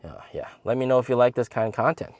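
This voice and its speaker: This thirtysomething channel host talks fast, telling a funny story to camera in a casual, animated way and leaping into high voices whenever he quotes someone. The recording is dry.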